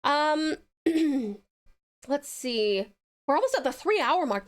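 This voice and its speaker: A woman streaming live and chatting with her viewers. Her voice is high and bouncy, and she swoops up and down a lot. She sounds mostly American, with an Australian lilt on a few words, and she is giggly and full of ums. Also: animated, slow. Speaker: livestreamer. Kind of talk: casual livestream chat with viewers.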